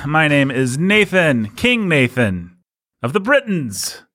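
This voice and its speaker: A man's voice: a little high, sing-song, takes it slowly, a bit bright, dry recording, studio quality. A young man hosting a podcast in a playful, joking casual chat. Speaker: podcast host.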